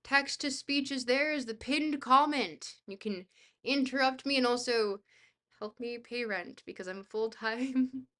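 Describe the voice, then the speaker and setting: A woman with a fairly high voice reads a dense book aloud on a live stream. She keeps breaking off to chat, hesitating with fillers and laughing at herself. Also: a little slow, bright, forceful tone. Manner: laughs easily, self-deprecating.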